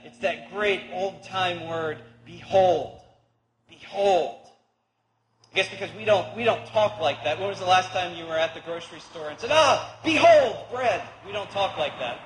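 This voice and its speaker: A man's voice: high-pitched, pushed and bright, slight background noise. A man preaching a sermon, reading scripture and explaining it in a conversational way with playful asides. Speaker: pastor. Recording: echoey hall with long reverb.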